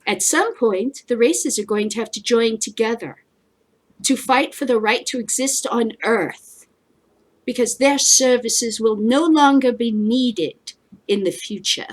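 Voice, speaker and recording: A woman's voice: on the high side, a little slow. A woman hosting a casual commentary show, ranting bluntly with lots of swearing and frequent laughter. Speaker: host.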